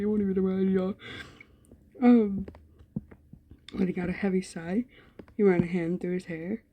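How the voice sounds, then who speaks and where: A woman's voice: medium pitch, dark tone. A woman, a gaming YouTuber, reading a story game aloud with running commentary, giggling often and swearing freely. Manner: giggly, profane, frequent laughter.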